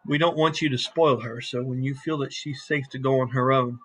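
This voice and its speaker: A man voicing a calm, shrewd male airship crew leader who speaks quietly and in a measured way. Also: slight background noise, lightly acted, rough recording. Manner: quiet, measured, low-voiced.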